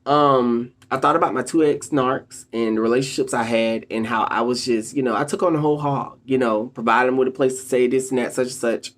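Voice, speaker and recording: With a medium pitch, a video host gives viewers some easygoing motivational advice on camera. The delivery is lively storytelling, full of direct appeals to the audience and emphatic phrases that get drawn out.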